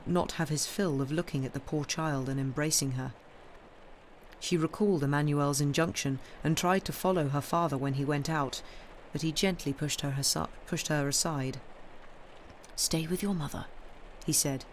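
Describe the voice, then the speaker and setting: A woman reading a classic novel aloud on a live stream, in a steady, measured storytelling voice with the odd small restart. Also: low voice, a little hiss or hum. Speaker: reader. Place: home streaming setup.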